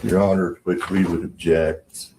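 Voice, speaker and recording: Man, low voice, formal courtroom argument, echoey room, noisy clip. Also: flat delivery, unhurried, warm tone. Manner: formal, arguing before a judge.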